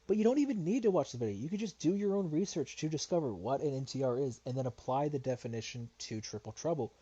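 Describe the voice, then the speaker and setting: A man's voice: on the high side, lively intonation, quick pace, warm tone, slightly rough, dull audio. A man giving reaction commentary in an argumentative, lecturing way, his voice getting worn. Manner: argumentative, lecturing, repeats "all right?". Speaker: commentary youtuber.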